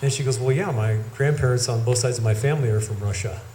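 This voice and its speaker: A man's voice: medium pitch, fast talker, warm tone, a little hiss or hum. Man, middle-aged, head cold, rambling anecdotal storyteller, echoey sound, faint ambience. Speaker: eulogy speaker. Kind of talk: storytelling eulogy. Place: outdoor gathering.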